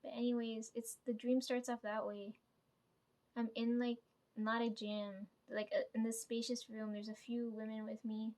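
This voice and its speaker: Woman vlogger, slightly high voice, rambly casual storytelling peppered with "right?" and the odd swear. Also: level tone, moderate pace, a little mellow. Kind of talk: casual dream retelling.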